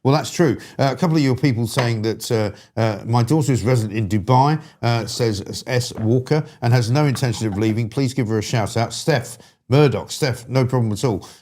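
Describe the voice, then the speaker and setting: A man's voice: mid-range voice, brisk, hardly any pauses, darkish tone. A man hosting a political talk show, chatting loosely and reading out viewer comments.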